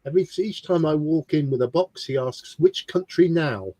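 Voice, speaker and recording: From a home studio on a video call, a man co-hosts a hobby livestream, casually greeting viewers and teasing them as he reads their comments. His voice is a little high and mellow, at normal speed, in a dry recording.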